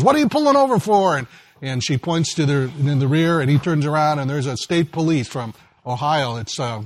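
A man's voice: fairly high pitch, no echo. A man preaching a sermon in a folksy storytelling way, acting out the voices in a joke. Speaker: pastor.

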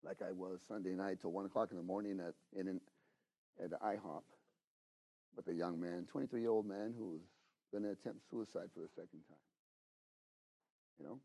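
A middle-aged man delivers a sermon in a husky, breathy voice. He talks to the listeners as if in conversation, dropping in "you know?" and "okay?". His delivery keeps swinging from loud, emphatic exhortation to hushed, intimate asides. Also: low-pitched, steady tone, moderate pace, pauses often. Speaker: preacher.

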